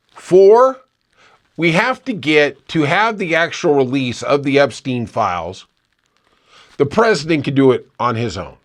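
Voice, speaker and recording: A man's voice: a little high, fairly bright tone. A man hosting a political podcast, delivering opinionated commentary with sarcastic, mocking asides.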